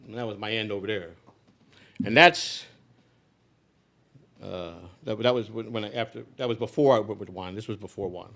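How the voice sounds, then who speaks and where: A man's voice: on the low side, fast, a bit bright. A man telling a personal story in a live speech, blunt and profane, with frequent restarts. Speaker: speaker.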